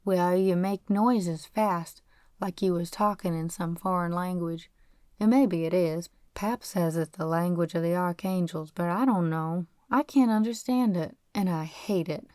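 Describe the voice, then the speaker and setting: A woman's voice: lowish voice, a little slow, warm tone, no echo, clean studio sound, natural voice. A woman reading an audiobook voices a poor, defiant teenage farm boy who runs away, speaking in earnest folksy backcountry grammar.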